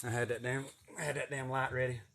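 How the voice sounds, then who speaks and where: A man's voice: mid-range voice, flat delivery, fast, creaky, fairly bright tone, a little hiss or hum. A man, telling a funny story in a casual, profane, folksy way.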